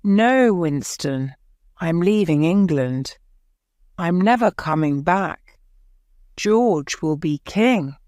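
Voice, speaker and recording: A woman reading the lines of a weary, sad king who is giving up his throne, in a slow, gentle, sorrowful voice. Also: on the low side, lively intonation, dry recording, studio quality.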